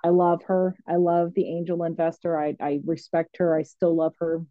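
A woman's voice: fairly low pitch, moderate pace, no room sound. Candid woman counselor telling her story. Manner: lively, candid, acts out quoted voices. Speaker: licensed mental health counselor. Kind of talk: casual conversational storytelling. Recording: dry, slightly dull sound.

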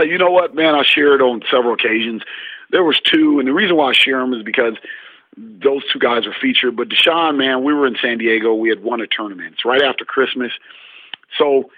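A basketball coach in an interview, telling stories and acting out what people said. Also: male voice, medium pitch, no room sound. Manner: animated storyteller, acts out dialogue. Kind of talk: interview storytelling. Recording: husky, tinny phone-like line.

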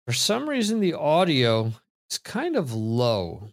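An American man hosts a live trivia stream, speaking casually into his computer microphone and rambling through viewer comments as he reads them out. His medium-pitched voice swings hugely in pitch, and he goes slowly.

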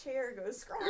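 Hesitant woman amid loud chatter. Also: very high-pitched. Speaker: player. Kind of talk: casual podcast banter.

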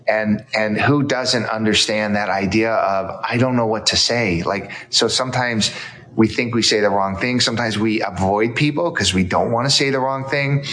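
A man's voice: fairly low pitch, moderate pace. A man, a guest author, talking earnestly in conversation and acting out quotes as he tells stories. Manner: earnest, storytelling with animated quotes. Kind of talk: casual conversation.

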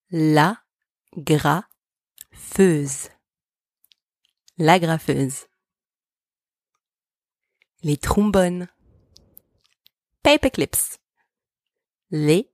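A woman's voice: on the low side, animated, darkish tone, no room sound, studio quality. A woman hosting a language podcast, carefully pronouncing vocabulary words for listeners to repeat. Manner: slow, careful enunciation of words. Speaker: French teacher, podcast host. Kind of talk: language lesson with repeat-after-me drills.

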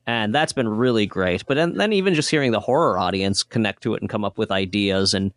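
A man's voice: fairly low pitch, expressive, fairly quick, no echo, studio quality. A man talking about his own horror film in a casual interview, earnest and rambling, often restarting his sentences.

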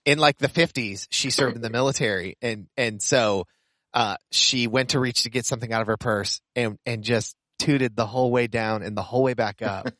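A man hosting a casual chat, asking questions and telling lively church stories. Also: mid-range voice, normal speed, dry recording. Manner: lively, asks questions, tells stories with laughter.

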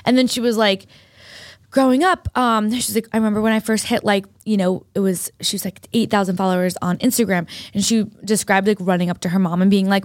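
A woman's voice: mid-range voice, fairly even intonation, quick pace, dry recording, clean studio sound. A young woman co-hosting a podcast, telling a story in casual chat with lots of fillers. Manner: chatty, storytelling with many fillers. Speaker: podcast co-host.

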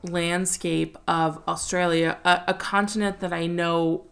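A woman's voice: lowish voice, flat delivery, a little slow, gravelly. A young American woman co-hosting a casual film discussion, chatty and full of "like" fillers, laughing often. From United States. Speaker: podcast co-host.

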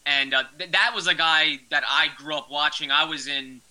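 Earnest young man with a bright voice. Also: on the high side, moderate pace, rough recording. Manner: earnest, hesitant, many fillers. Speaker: guest. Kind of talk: interview answers, casual chat.

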